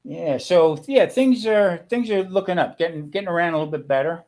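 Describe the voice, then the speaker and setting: On a video call, an older guest with a brisk, slightly mellow voice on the high side chats casually, rambling through stories while grumbling and complaining.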